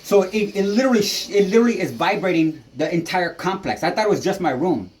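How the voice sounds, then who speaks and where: A man's voice: high voice, fast talker, a little mellow, slight background noise. A man angrily ranting to his camera as a tenant, swearing constantly and rambling from point to point. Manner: heavy swearing, agitated and rambling. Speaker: tenant filming a neighbor. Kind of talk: angry ranting vlog. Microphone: handheld camera.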